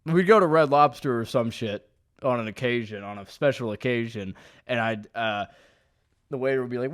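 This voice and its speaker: A young man in his own room, talking straight through a casual solo podcast. He rambles from story to story, swears freely and leans on crude jokes, in a voice that sits at an ordinary middle pitch for a man. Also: normal speed, smooth. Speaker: podcast host. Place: indoor room at home.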